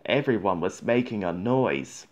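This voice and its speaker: A man reading a children's storybook aloud in a gentle, measured way. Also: lowish voice, animated.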